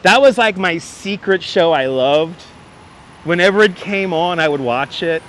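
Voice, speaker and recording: A high-voiced man with a Brooklyn accent talks into a wireless clip-on mic while walking city streets. He chats animatedly with his livestream viewers. Traffic hums faintly behind him. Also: measured pace. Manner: chatty, animated, often thanking viewers by name. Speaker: livestream host.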